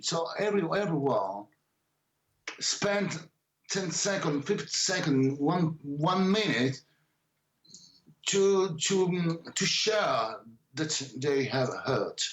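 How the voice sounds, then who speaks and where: A musician guest, an Italian man with a fairly high voice, chats in a casual interview. His English is halting and non-native, full of restarts, and the recording sounds roomy.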